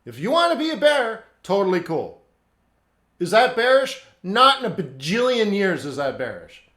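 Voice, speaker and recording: A man runs a live trading class, answering viewers' questions bluntly and hammering his points home. His voice sits fairly high. The sound is roomy and echoey. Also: wildly swooping pitch, moderate pace, a bit bright. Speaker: forex trading instructor.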